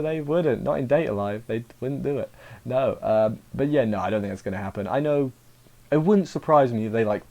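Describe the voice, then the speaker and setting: Rambling man reviewing anime, mellow voice. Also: medium pitch. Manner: rambling, chatty, acts out characters' lines.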